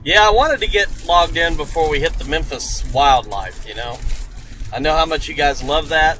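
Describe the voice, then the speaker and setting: A man's voice: on the high side, moderate pace, pushed and bright, a little hiss or hum, low-quality recording. A man live-streaming from his car while storm chasing, chatting casually and joking with viewers and greeting them by name. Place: inside a moving car.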